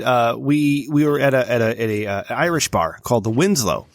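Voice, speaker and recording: A man's voice: mid-range voice, no echo. Rambling, laughing podcast host man. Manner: rambling storyteller, laughs often, halting restarts. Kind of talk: casual profane banter.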